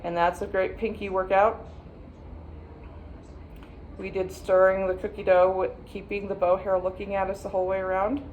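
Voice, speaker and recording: A woman's voice: medium pitch, level tone, normal speed, long pauses, darkish tone, lo-fi sound, a little hiss or hum. A woman viola teacher patiently walking students through practice steps, sometimes chanting rhythm words. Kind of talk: instructional practice walkthrough.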